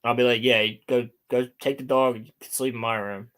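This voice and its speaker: A young man hosting a casual podcast chat, telling animated stories and swearing often. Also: mid-range voice, brisk. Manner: animated storytelling, heavy swearing. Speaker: podcast host.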